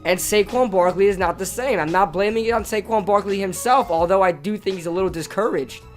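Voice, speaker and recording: A man with a hoarse, strained voice, ranting casually about his football team as a sports vlogger, often repeating himself as he gets fired up. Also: high voice, a little fast, faint music behind. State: hoarse from yelling at a game.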